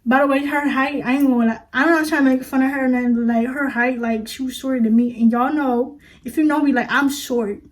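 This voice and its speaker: A young woman with a high, bright voice tells a storytime to her viewers. She keeps it casual and chatty, full of fillers and slang, and talks to the audience as if they were friends. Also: steady tone, brisk, few pauses. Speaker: vlogger.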